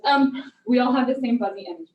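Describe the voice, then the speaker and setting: A woman's voice: on the high side, quick pace. A woman introducing herself at yoga teacher training, hesitant and full of ums. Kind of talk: casual group introduction. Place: yoga studio room with a group. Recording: dull, echoey, from a distance.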